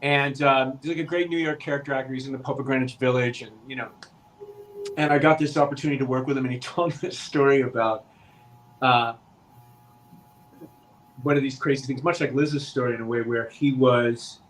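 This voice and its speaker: On a podcast, a male actor guest tells a lengthy story in relaxed conversation, performing each bit of quoted dialogue with lively energy. He talks fast at a medium pitch, over slight background noise in a low-quality recording.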